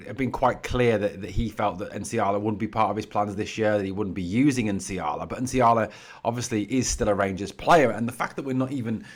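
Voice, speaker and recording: A man's voice: lowish voice, a bit bright. Fired-up man ranting about football. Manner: heated and blunt, with many "you know" fillers. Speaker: football fan channel host. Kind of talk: opinionated solo commentary.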